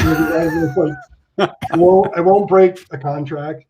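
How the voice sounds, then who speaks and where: A man around fifty telling stories as an interview guest, animated and swearing, acting out the people he quotes. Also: high-pitched, normal speed. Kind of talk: casual interview storytelling. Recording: dull lo-fi sound.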